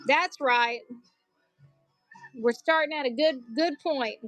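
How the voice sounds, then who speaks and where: A woman's voice: sits high, slow, a bit bright, faint music behind. A woman selling collectible banknotes on a live stream, chatty and joking, calling her viewers y'all.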